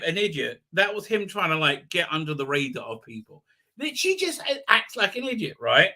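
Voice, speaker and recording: A man's voice: sits high, pushed and bright. A man hosting a live show, sarcastically commenting on a TV episode and mocking its characters in put-on voices, with lots of fillers and restarts. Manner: sarcastic, mocking, acts out quotes in exaggerated voices. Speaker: host.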